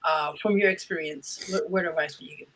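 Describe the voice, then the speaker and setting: A woman's voice: deep voice, steady tone, quick pace, slight background noise, poor audio. A woman hosting a radio interview show, chatting casually and thanking her guest with lots of fillers. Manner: warm, effusive thanks with frequent fillers.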